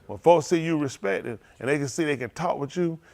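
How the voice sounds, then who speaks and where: A man's voice: a little high, brisk, vocal fry, a little mellow. A man preaching in a folksy storytelling sermon, laughing often and repeating phrases as he acts out quotes. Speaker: pastor.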